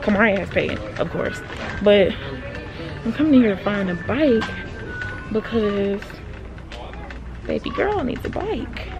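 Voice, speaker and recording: A woman vlogging to camera in a chatty, expressive way, calling her viewers y'all as she films with a handheld phone in stores and her car. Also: mid-range voice, measured pace, long pauses, highs cut off, music in the background. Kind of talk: casual vlog talk to camera. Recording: noisy background.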